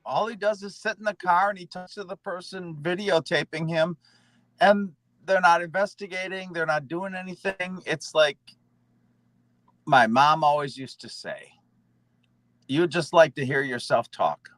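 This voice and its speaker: A man's voice: high-pitched, normal speed, a bit bright, no room sound, rough recording. A man chiming in on a casual livestream with blunt, dry remarks and casual swearing.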